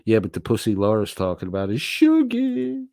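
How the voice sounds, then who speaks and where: A man hosting a casual livestream and reading out viewer chat, profane and mocking, swinging between loud jeers and low mutters. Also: huge pitch swings, normal speed, vocal fry, no echo, clean studio sound.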